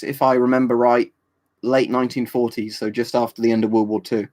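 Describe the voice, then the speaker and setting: A British man chatting loosely on a livestream. He rambles through his answers to the viewers, dropping in plenty of ums and tag questions, and his voice sits at an ordinary middle pitch. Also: flat delivery, fairly quick, darkish tone. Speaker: livestream host answering chat. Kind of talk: casual live chat.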